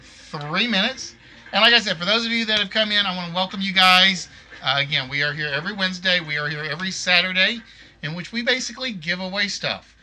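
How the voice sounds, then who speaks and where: A man's voice: high-pitched, a little fast, bright, forceful tone. A man hosting a live game stream, chatting casually and rambling, correcting himself as he goes. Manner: rambling, self-correcting, apologetic. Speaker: game show stream host.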